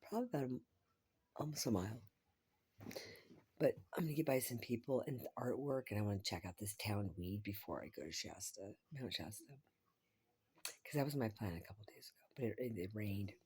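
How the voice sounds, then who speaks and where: A woman's voice: very deep voice, lively intonation, a little fast, mellow, husky. A woman vlogging in a rambling, profane monologue, often dropping to a whisper.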